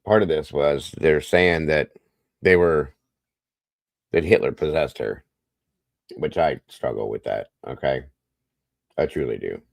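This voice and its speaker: Gravelly very deep-voiced man chatting. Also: measured pace, long pauses, no echo. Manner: chatty, addresses viewers as guys. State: hiccups. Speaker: live stream host. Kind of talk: casual live chat with viewers.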